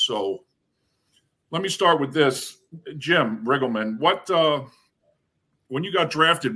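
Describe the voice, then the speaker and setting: Bright-voiced man hosting a podcast. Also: medium pitch. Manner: asks long, loosely phrased questions and corrects himself on figures. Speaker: podcast host. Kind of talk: casual interview hosting.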